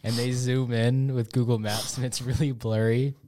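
A man co-hosting a casual comedic chat, asking questions and thinking out loud. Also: mid-range voice, flat delivery, moderate pace. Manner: curious, asks questions, muses aloud. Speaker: podcast co-host.

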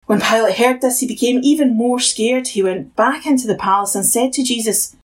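A woman narrating a Bible passage in a steady, plain reading manner with a husky tone. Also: on the high side, a little fast, hardly any pauses, low-quality recording. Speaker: Bible reader. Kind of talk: scripture narration.

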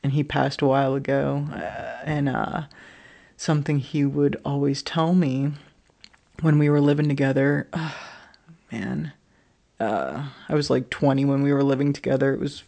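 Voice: medium pitch, steady tone, measured pace, creaky, darkish tone. A speaker in their thirties sharing a candid personal story, rambling, with lots of "like" fillers and casual swearing.

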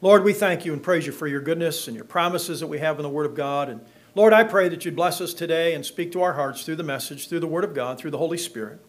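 High-voiced joking pastor. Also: male voice, fast talker. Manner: folksy, joking with the congregation. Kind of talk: sermon with scripture reading. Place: church.

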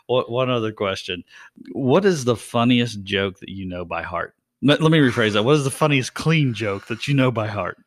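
A man's voice: mid-range voice, animated, normal speed. A man hosting a casual podcast chat, asking questions and laughing often. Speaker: podcast host.

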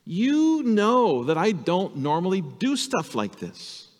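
A man's voice: high-pitched, huge pitch swings, takes it slowly, big-room sound, voice pushed up, full character voice. A man voicing a meek talking male donkey who pleads and reasons with his rider. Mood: pleading. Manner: plaintive, reasoning.

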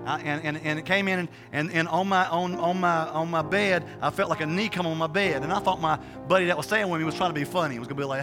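A man preaching a sermon and telling a personal testimony, with a rambling, emphatic, colloquial delivery full of restarts and repetitions. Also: sits high.

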